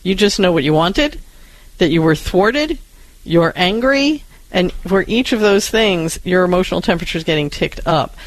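A co-host of a call-in radio show, introducing callers and explaining advice in a steady flow. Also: medium pitch, moderate pace, no echo, poor audio.

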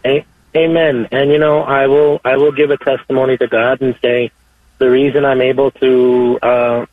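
A man calling in to give a testimony, speaking haltingly and repeating his words. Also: medium pitch, no room sound. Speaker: caller. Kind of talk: phone-in testimony. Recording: tinny dry phone line.

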